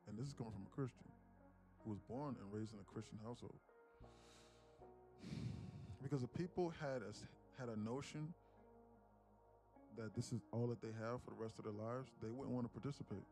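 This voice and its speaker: A man's voice: medium pitch, creaky. A man talking bluntly and profanely in a rambling way while day trading on a live stream. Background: music.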